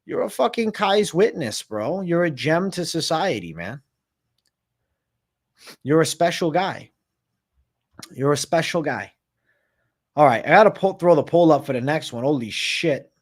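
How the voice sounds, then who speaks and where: A man's voice: a little high, sing-song, a little slow, pauses often. Brash, profane man hosting a live stream. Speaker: host. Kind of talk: live-streamed fight predictions.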